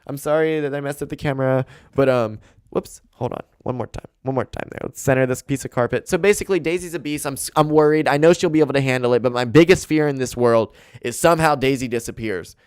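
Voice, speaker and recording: Smooth-voiced young man ranting casually. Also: mid-range voice, quick pace, dry recording, clean studio sound. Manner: rambling, swears a lot, excitable. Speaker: podcast host. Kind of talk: casual solo chat. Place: home room with dog and carpet. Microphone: desk mic and camera.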